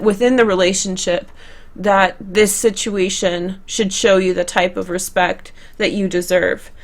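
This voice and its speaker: A young woman talks viewers through a tarot spread in a loose, conversational way. She chats casually and often restarts a phrase or corrects herself. Her voice sits at a middle pitch for a woman. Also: fairly bright tone. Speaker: tarot reader. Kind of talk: tarot card reading to camera.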